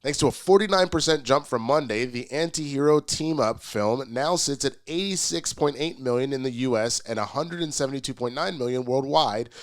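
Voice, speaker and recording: A man hosting a pop culture commentary show, congested from a cold, speaking casually and with energy, with frequent uh restarts. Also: medium pitch. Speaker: host.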